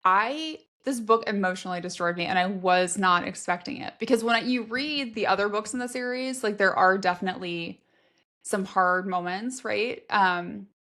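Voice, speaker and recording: A woman's voice: mid-range voice, moderate pace, a bit bright. A woman co-hosting a book podcast in casual chat, talking candidly and emotionally about what she read. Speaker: podcast co-host, mother of boys.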